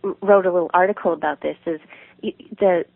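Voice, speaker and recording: Gentle-voiced woman guest on a phone line. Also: fairly low pitch, fairly even intonation, fast talker, vocal fry, dry recording. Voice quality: gentle, nurturing tone. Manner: warm storytelling, laughs easily. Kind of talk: conversational interview.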